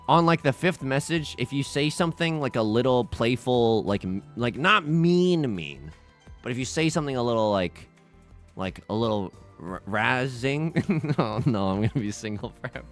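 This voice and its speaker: Animated, self-mocking young male streamer. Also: medium pitch. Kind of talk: casual livestream chat.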